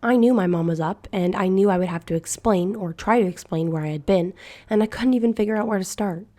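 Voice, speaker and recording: A woman narrating a scary internet story in a hushed, slow, measured way. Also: medium pitch. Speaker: narrator reading a horror story. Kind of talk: scripted horror narration.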